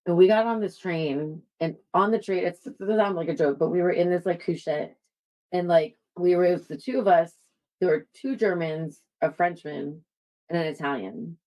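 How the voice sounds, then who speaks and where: A woman's voice: lowish voice, normal speed, muffled recording. A woman from the United States, a podcast co-host telling a story in chatty casual talk with many fillers. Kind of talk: casual chat.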